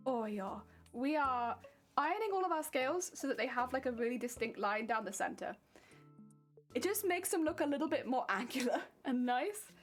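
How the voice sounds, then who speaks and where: A woman's voice: sits high, expressive, moderate pace, soft background music. Chatty young woman streaming her crafting. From Wales. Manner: chatty, laughs often, reads chat aloud. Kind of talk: casual livestream chat while crafting.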